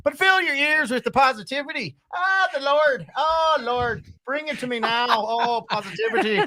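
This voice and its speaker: A man's voice: very high-pitched, lively intonation, moderate pace, pushed and bright, dry recording, pitched above the performer's own voice, exaggerated voice. A man voicing a jolly, preachy stage-Irish character in an exaggerated put-on brogue, crying out in mock rapture. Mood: hammy. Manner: hammy, cries out in mock rapture.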